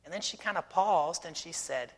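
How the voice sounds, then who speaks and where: A middle-aged missionary preaches a sermon in a church sanctuary, telling stories in a conversational manner and posing rhetorical questions. His voice is a little high and moves at a normal speed, with a long reverb tail trailing behind it.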